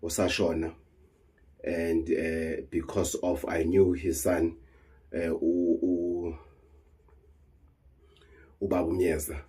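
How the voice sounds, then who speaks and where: A South African traditional healer delivers an emotional, heated monologue to camera, earnest and repetitive, with Zulu phrases mixed in. His deep, warm, slightly rough voice moves little in pitch, and he takes it slowly, pausing often.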